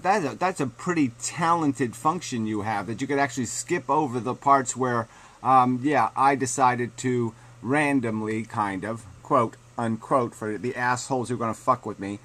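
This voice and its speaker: A man's voice: mid-range voice, fairly bright tone. A man ranting angrily at a critic in a video reply, sarcastic and mocking, swearing constantly. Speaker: video blogger answering a critic. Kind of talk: profane angry rant.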